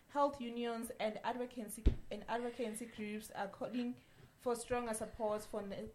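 A woman news anchor reading a radio news bulletin in a measured way, with a few slips and restarts. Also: medium pitch, echoey room, slight background noise. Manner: measured newsreader delivery with occasional slips and restarts.

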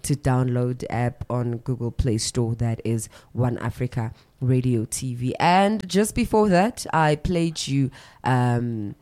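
A woman's voice: extremely low pitch, slow pace, few pauses, darkish tone. A woman hosting a morning radio show, chatty, with fillers and self-corrections. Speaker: radio host. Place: radio studio.

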